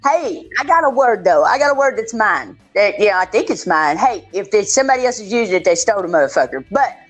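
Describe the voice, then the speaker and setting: A woman with a Texan Southern accent, chatting casually as a podcast guest, salty and quick to laugh. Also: medium pitch, sing-song, soft background music, low-quality recording. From Texas. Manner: salty, laughing, loose storyteller. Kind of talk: casual chat.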